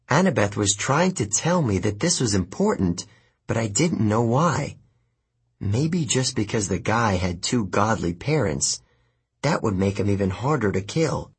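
Husky, slow male audiobook narrator. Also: fairly low pitch, very animated. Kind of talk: first-person storybook narration.

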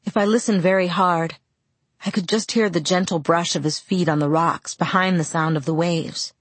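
A woman reading a first-person novel aloud in a measured, soft, reflective way on a close studio mic. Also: lowish voice, fairly even intonation, no echo. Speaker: audiobook narrator.

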